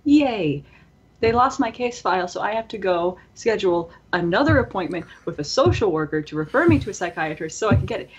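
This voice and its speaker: A young woman in her early twenties with a hoarse, strained voice, co-hosting a podcast and telling a long, rambling story with lots of fillers. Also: medium pitch, animated, fast, few pauses, lo-fi sound. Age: early 20s. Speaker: podcast co-host. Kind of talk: casual podcast chat.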